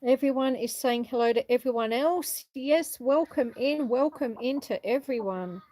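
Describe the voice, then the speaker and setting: A middle-aged woman with a high-pitched voice walks around her farm outdoors, livestreaming and reading viewers' comments aloud at a moderate pace. She chats casually, answers warmly, and laughs often. The recording is dry.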